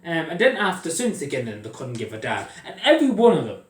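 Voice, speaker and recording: An Irish man in full heated rant, cursing freely and circling back over the same points. His voice moves a lot in pitch as the anger builds. He sounds a little off the mic, with an echoey room around him. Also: wildly swooping pitch, quick pace, recorded from a distance. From Ireland. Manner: heated, swearing, repeating himself. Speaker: vlogger. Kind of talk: angry political rant.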